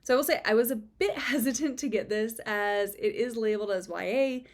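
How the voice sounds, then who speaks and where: A woman's voice: a little high, a little fast. A young woman giving a casual, chatty book review, with sarcastic asides and frequent fillers.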